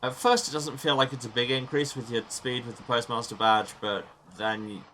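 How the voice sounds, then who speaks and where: A man's voice: mid-range voice, steady tone, normal speed, sharp tone, a little hiss or hum. A man hosting a let's play, giving chatty, self-mocking gaming commentary from a small sealed room and muttering to himself as he plays.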